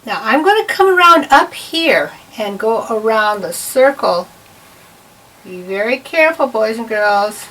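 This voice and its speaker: A woman's voice: on the high side, expressive, measured pace, fairly bright tone. A woman giving a patient, step-by-step drawing lesson to children. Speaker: art teacher. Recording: voice a bit far from the mic.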